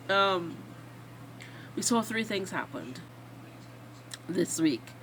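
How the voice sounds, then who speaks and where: A woman hosting a reaction video, excitably and emotionally recapping a TV episode in a rambling way. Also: fairly low pitch, very slow, pauses often, a little hiss or hum.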